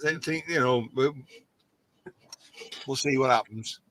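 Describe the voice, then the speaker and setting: A man's voice: medium pitch, measured pace, a bit bright. A man on a casual live chat, teasing and jokey.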